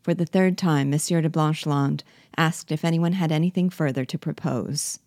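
A woman reading a classic novel aloud in a measured, even storytelling manner. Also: low voice, no room sound, studio quality. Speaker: narrator.

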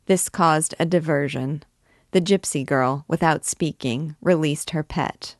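A woman reading a classic novel aloud in a measured, expressive storytelling manner. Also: low-pitched, no echo, studio quality. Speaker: reader.

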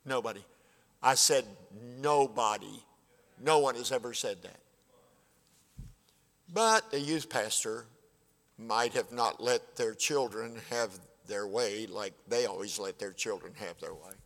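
A man's voice: fairly low pitch, a little slow, fairly bright tone. An older man in his seventies preaching a sermon in a folksy, plainspoken way, acting out conversations. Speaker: pastor. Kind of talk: sermon with storytelling. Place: church sanctuary. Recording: church hall reverb.

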